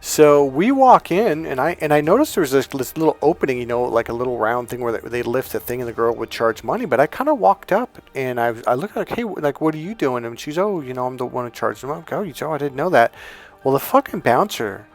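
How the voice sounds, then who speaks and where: A man's voice: mid-range voice, fast, few pauses, soft background music. A man telling a personal story in casual, profane speech, often acting out what others said. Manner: profane, animated, quoting others in voices.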